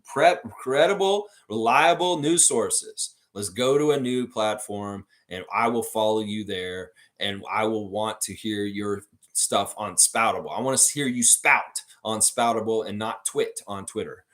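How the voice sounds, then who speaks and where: A man's voice: on the low side, unhurried, hardly any pauses. A man from Canada, hosting a fan livestream, chatting casually and bluntly with heavy swearing while reading viewer comments. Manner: animated, blunt and profane. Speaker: host of a basketball fan livestream. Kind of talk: casual live-stream chat reading comments.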